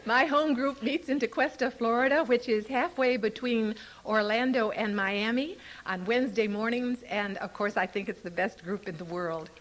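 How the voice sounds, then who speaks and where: An older woman speaking at a recovery convention before a live audience, an animated, playful storyteller who laughs often. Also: a little high, normal speed, hardly any pauses, a little hiss or hum. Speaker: Al-Anon speaker.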